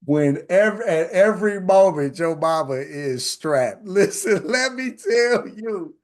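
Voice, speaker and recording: A man in his forties hosting a live online session, telling personal stories in a casual, animated way and often asking "right?". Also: sits high, slow pace. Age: 40s. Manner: animated, repeats phrases, says "right?" often. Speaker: host.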